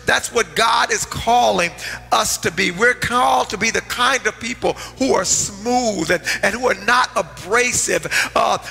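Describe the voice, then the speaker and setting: A middle-aged man, a pastor preaching a sermon and telling stories, swinging from loud outbursts to hushed asides. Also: high voice, gravelly, slightly rough. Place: church sanctuary. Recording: long hall reverb, faint music.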